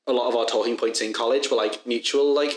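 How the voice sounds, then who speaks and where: Man in his twenties, Liverpool accent, animated storyteller, casual podcast chat, roomy echo. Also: mid-range voice, fast talker. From Liverpool, England. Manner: animated, laughing storyteller who swears freely. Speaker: podcast co-host.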